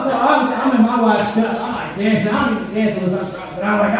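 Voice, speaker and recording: A man's voice: high voice, steady tone, fast, hardly any pauses. A man in his thirties doing a rambling, profane stand-up set, laughing at his own jokes. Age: 30s. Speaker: stand-up comedian. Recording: echoey room, mic far off.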